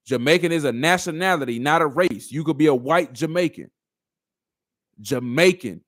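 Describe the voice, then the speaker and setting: A man's voice: on the high side, fairly bright tone, no echo, studio quality. Argumentative man reacting to a clip. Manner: argumentative, rhetorical questions. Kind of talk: reaction commentary.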